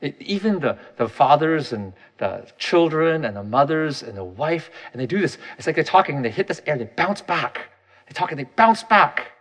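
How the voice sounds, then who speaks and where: A man's voice: a little high, big pitch swings, moderate pace, a bit bright. Guy in his 30s doing a personal reflective talk, candid, kinda self-deprecating, restarts a lot.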